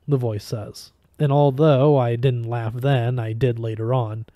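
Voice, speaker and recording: Man reading a novel aloud, mellow dark tone, dry close sound, easygoing with small stumbles. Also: medium pitch, fairly even intonation, measured pace, no room sound. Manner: casual reading with small slips and restarts. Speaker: audiobook reader.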